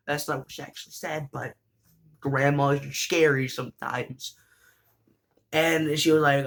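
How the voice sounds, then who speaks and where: A man casually recapping an anime, rambling with lots of fillers and restarts and bursts of excitement. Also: medium pitch, a little slow, long pauses.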